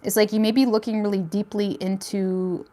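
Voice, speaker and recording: A woman's voice: medium pitch, flat delivery, normal speed, dark tone. A woman hosting a casual tarot reading, talking straight to her viewers in a chatty way and often hedging with "I feel like.". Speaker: tarot reader.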